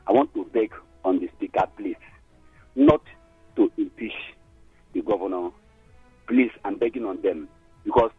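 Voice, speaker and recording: A man's voice: on the low side, measured pace, long pauses, husky, dry recording, faint music behind. A Nigerian man calling in to a radio show, pleading in an emotional, repetitive way. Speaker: caller. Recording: muffled phone line.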